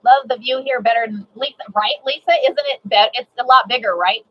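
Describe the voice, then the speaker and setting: A woman giving a live sewing demonstration, chatty and excitable, repeating herself and greeting viewers. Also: a little high, brisk, lo-fi sound. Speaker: sewing instructor.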